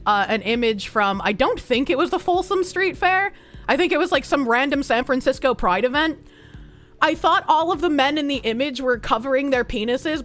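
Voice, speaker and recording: A woman streamer with a high-pitched voice and a slightly rough throat chats casually and reads the chat aloud, sounding giggly and animated.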